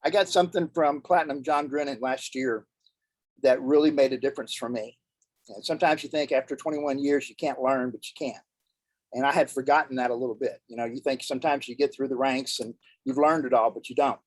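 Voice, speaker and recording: A man's voice: mid-range voice, steady tone, a little fast, no room sound, poor audio. A man on a video call, telling a personal story in an earnest, folksy way as a guest speaker.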